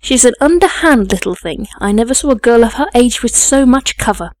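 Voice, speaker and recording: Woman doing a harsh lady's maid, storybook, pious and contemptuous, forceful, dry. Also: on the high side, lively intonation, brisk, no room sound, lightly acted.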